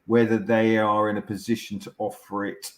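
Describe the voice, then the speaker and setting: A middle-aged doctor with a low, steady voice explains things patiently over a video call. He is measured and reassuring, often restarting his sentences. The sound carries a noticeable room echo. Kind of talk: explaining as an interview guest.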